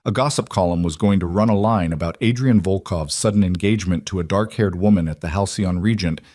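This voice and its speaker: Low-voiced man narrating a thriller. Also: a little mellow, no room sound, studio quality. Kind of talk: scripted audiobook narration.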